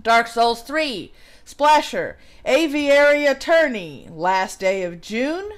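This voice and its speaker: A woman's voice: a little high, sing-song, takes it slowly. A woman hosting a livestream, reading an article aloud in a mocking put-on English accent and breaking off to chat. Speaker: livestream host.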